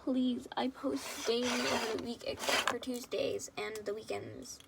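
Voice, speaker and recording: A woman's voice: a little high, fairly even intonation, a little slow, creaky, heavy background noise. Rambling giggly young woman chatting. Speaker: fan video creator. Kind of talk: rambling casual chat to viewers.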